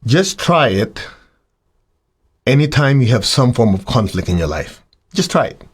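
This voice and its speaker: A man teaching students about spiritual practice in a lively, conversational way. He keeps jumping into little acted-out voices, sometimes high and exaggerated, then settles back into a calm middle-pitched delivery. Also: a little slow, breathy edge. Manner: animated, acts out voices of students and himself.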